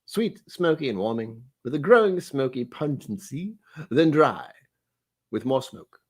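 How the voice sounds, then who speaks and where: Man playing a pompous butler type, plummy and theatrical, lively pitch. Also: breathy edge. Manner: plummy, measured, theatrical reading.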